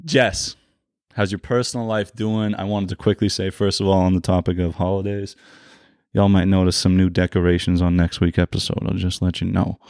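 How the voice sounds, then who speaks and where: A man's voice: deep voice, flat delivery, brisk, darkish tone, clear, resonant tone, no echo, clean studio sound. A man hosting a casual podcast chat with friends, joking, laughing often and trailing off mid-sentence. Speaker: podcast host.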